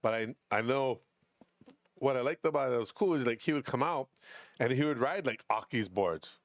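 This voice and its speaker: Guy calling surf, middle-aged, lively storyteller, dry close sound. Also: moderate pace, no room sound. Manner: animated storyteller, jumps pitch to act out friends. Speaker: surf commentator. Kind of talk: casual live surf commentary and storytelling.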